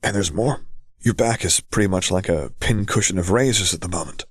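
Casual, blunt young guy, as a narrator puts him on, choked and shaky, deep voice, dry close read. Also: fairly quick, slightly rough, no echo.

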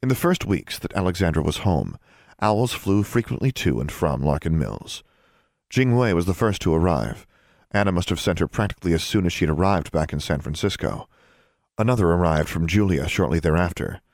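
A male narrator reads a story in a steady, measured way. His voice sits very low. The sound is dry and close to the mic. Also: creaky, no room sound. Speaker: audiobook narrator. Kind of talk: scripted narration.

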